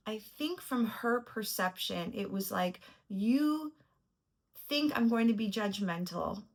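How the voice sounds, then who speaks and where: A woman's voice: mid-range voice, fairly bright tone. A woman telling a personal story to camera in a reflective, earnest way, at times emotional. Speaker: vlogger.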